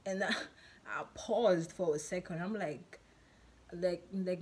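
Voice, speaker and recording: Chatty woman telling a storytime, low voice. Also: slow pace, pauses often, a little mellow, breathy edge. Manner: chatty, rambling, many fillers and repeats. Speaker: vlogger. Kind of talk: casual storytime.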